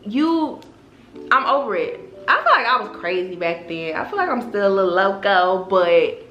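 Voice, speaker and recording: A young woman vlogger telling a storytime in an animated, profane way, talking straight to her viewers. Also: mid-range voice, normal speed, highs cut off. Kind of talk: casual storytime. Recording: roomy echo, faint background music.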